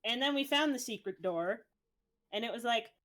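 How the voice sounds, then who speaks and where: A woman's voice: fairly high pitch, lively intonation, normal speed, a bit bright. A woman streamer casually recapping a tabletop game session, swearing freely as she tells it. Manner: profane, breezy storytelling.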